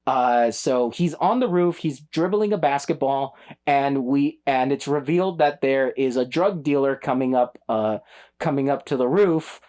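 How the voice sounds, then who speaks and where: A man co-hosting a film review podcast in a loose, chatty way. He gets animated and often slips into goofy voices while quoting scenes. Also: medium pitch, measured pace. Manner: animated, acts out movie lines in funny voices. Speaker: podcast co-host. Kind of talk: casual film review chat.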